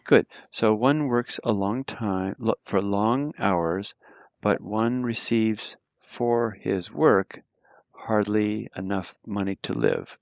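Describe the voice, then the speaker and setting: A man's voice: on the low side, lively intonation, slow pace, gravelly, no echo, lo-fi sound. A man teaching a German grammar lesson, explaining patiently with lots of fillers and restarts. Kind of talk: live online grammar lesson.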